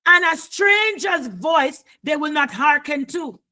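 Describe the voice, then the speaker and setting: A woman preacher delivering a fervent sermon, repeating phrases and often raising her voice to a shout. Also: sits high, animated, takes it slowly.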